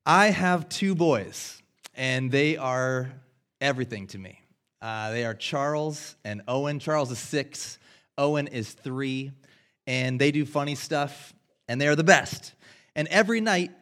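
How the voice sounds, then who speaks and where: An American man in his thirties preaching a sermon, earnest and self-deprecating, swinging between loud and hushed. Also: a little high. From United States. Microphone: headset.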